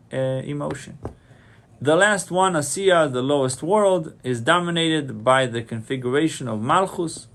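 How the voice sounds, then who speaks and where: Rabbi explaining Hebrew terms. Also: male voice, on the high side, a bit bright. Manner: explains Hebrew terms then translates them, repeats phrases, many restarts. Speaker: rabbi teaching a class. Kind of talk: Torah lecture.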